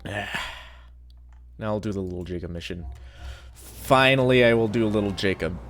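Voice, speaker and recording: A man's voice: lowish voice, normal speed, fairly bright tone, soft background music. A man streaming a game, giving crude, joking commentary and swearing often. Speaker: gaming streamer. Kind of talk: casual gameplay commentary.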